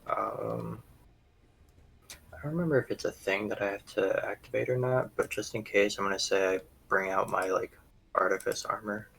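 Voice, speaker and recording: A man's voice: lowish voice, normal speed, creaky, long pauses, bright, forceful tone, slightly rough, poor audio. A man playing a tabletop game over voice chat, thinking aloud and sounding unsure of the rules. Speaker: player.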